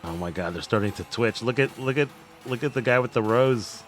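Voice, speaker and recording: Excitable bright-voiced male game caster. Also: mid-range voice, fairly quick, faint music behind. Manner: excitable, laughs often, loose and jokey. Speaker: game commentator. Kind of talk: live esports commentary.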